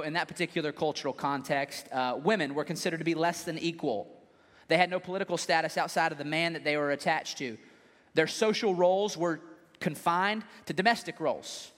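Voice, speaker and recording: A male pastor preaching a sermon in an animated, joking way. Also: on the high side. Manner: animated, joking, acts out scenes. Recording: long hall reverb.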